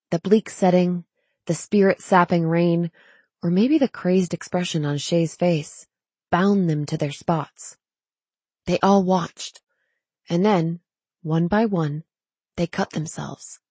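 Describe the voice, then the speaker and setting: Woman, audiobook narrator, measured, steady, lowish voice, dry close sound. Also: slightly rough, no echo. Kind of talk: scripted narration.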